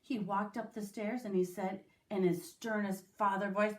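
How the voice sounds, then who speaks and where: A woman's voice: medium pitch, fairly even intonation, normal speed, few pauses. A woman teacher reading a picture book aloud to young children, with small voices for the characters. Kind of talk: storybook read-aloud for children.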